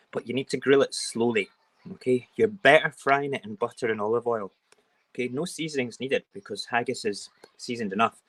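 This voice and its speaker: A man's voice: medium pitch, a bit bright. A man from Edinburgh with a Scottish accent, hosting a casual morning live stream and chatting while he cooks and eats. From Edinburgh, Scotland. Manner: rambling, chatty, talks while cooking and eating.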